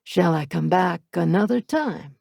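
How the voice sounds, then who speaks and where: Woman doing a smooth Italian-accented dangerous man. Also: fairly low pitch, animated, unhurried, darkish tone, no room sound, clean studio sound, full character voice. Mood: calm.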